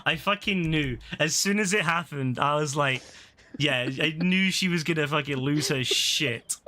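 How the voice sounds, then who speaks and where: A young man commentates his gameplay into a headset mic, his voice high and strikingly bright. He talks in a loose, excitable way, stacking fillers and breaking into giggles. Faint noise sits under the recording. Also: unhurried. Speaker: gaming streamer.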